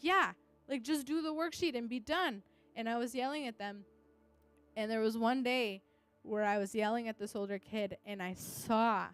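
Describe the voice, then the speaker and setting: A woman's voice: fairly high pitch, smooth. Earnest young woman telling a story. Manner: earnest storytelling, acting out quotes. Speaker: English teacher. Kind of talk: personal testimony.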